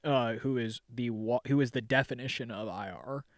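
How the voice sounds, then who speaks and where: A man's voice: mid-range voice, normal speed, dry recording, clean studio sound. A young man co-hosting a podcast, chatting loosely about hockey, cursing and laughing often. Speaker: podcast co-host. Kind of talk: casual sports chat.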